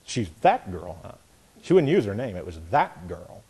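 A man's voice: fairly low pitch, big pitch swings, moderate pace, a little mellow, breathy edge. A middle-aged man teaching a Bible lesson in a folksy sermon style, repeating phrases and reading lines aloud to show a point.

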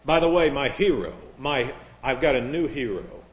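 A man's voice: medium pitch, expressive, moderate pace, few pauses. A man preaching a sermon in a sarcastic, mocking way. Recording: echoey room.

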